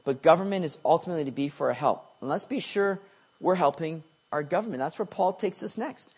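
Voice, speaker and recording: A middle-aged man preaching a sermon, telling stories with swings from quiet asides to excited bursts. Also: on the high side, brisk, slightly rough. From Canada. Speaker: pastor.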